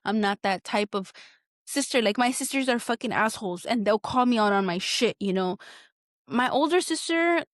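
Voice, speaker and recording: A woman's voice: fairly high pitch, lively intonation, normal speed, no room sound, clean studio sound. A woman, hosting a candid solo podcast, talking bluntly and heatedly and swearing often. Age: 20s. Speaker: podcast host.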